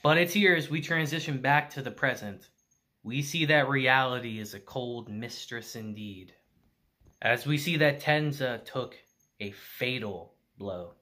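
A man recapping an anime episode in casual review style, animated and emphatic, swearing freely. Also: on the high side, measured pace.

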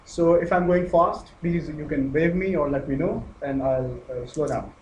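A man from Pakistan with a Pakistani accent, giving an academic lecture in a measured way, pausing with fillers and restarts. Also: on the high side, darkish tone. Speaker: guest lecturer. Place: lecture hall. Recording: echoey hall with faint noise.

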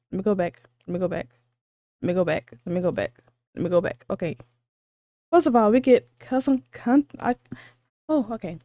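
A woman hosting a reaction video, gushing with excited, squealing exclamations and repeating herself, a little sleepy because it is late at night. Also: mid-range voice, no room sound. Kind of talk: excited casual reaction commentary.

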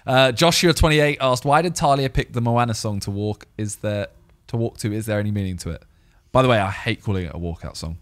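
A man's voice: on the low side, fairly quick. A man co-hosting a casual podcast, reading out listener questions and bantering with easy laughs. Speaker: podcast co-host. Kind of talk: casual chat.

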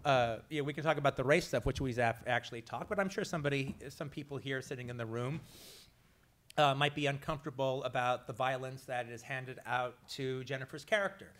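A man, a writer and filmmaker, answering a question at a press conference, halting with many fillers. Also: mid-range voice, fairly even intonation, fairly bright tone.

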